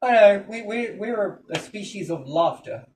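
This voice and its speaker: Animated, profane podcast talker. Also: mid-range voice, normal speed. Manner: animated, profane, jumps into funny voices. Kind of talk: casual chat. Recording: distant mic, faint background noise.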